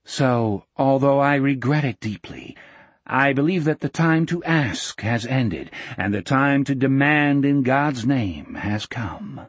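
A man voicing a smooth, falsely gentle preacher who speaks in a low, mellow, sanctimonious tone. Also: takes it slowly, no echo. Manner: calm, sanctimonious, quietly menacing.

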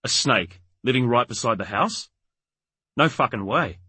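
A man's voice: mid-range voice, expressive, a little slow, bright, forceful tone, husky, no room sound, full character voice. A man doing a belligerent young husband. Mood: incredulous. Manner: belligerent, blustering.

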